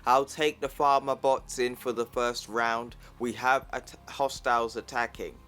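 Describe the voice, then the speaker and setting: Man doing a stern hulking soldier-scientist, commanding, unhurried, plain read. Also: mid-range voice, little pitch movement, a bit bright, soft background music, close to an everyday voice. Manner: read plainly like recap narration. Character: stern male scientist-soldier who becomes the Hulk.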